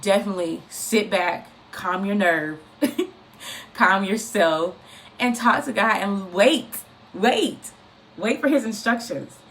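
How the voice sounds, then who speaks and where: Woman, informal faith talk, animated, repeats herself, middle pitch, faint hiss. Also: slow pace. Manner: animated, repetitive, conversational preaching. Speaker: inspirational speaker.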